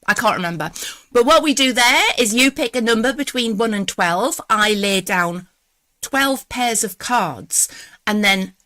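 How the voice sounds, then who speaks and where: A woman's voice: fairly high pitch, expressive, bright, forceful tone, no echo. Chatty Geordie woman, dry close sound. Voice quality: quick, clipped voice. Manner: chatty, rambling and self-deprecating, laughing often. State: buzzing on coffee after feeling unwell. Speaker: tarot reader hosting a live show. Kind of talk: casual live-stream chat.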